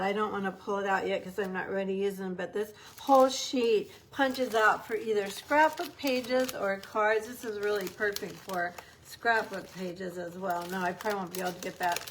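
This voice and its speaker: A woman's voice: medium pitch, slight background noise, rough recording. Chatty upbeat woman demonstrating crafts. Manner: chatty, upbeat, talks while working with hands. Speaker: papercraft demonstrator. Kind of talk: casual craft tutorial.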